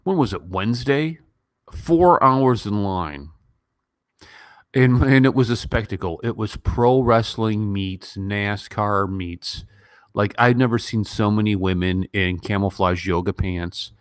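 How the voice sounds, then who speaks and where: A man in his late forties from Gary, Indiana, hosting a casual live chat and answering viewer questions. His voice sits very low and sounds dry and close, with no room around it. He delivers sardonic, deadpan quips between lots of ums. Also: unhurried, no room sound. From Gary, Indiana, United States.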